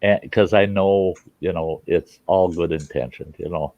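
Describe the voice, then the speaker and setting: A low-voiced older American man chatting casually as host. He tells long, frank stories and acts out what other people said. The sound is dry and a little dull. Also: measured pace, no echo. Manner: rambling, frank, swears freely, acts out quotes. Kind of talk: casual storytelling chat.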